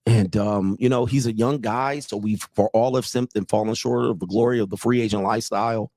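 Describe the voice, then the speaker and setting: A male host giving casual comedic commentary, rambling and excitable, with a habit of repeating "all right". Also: lowish voice, brisk, no room sound.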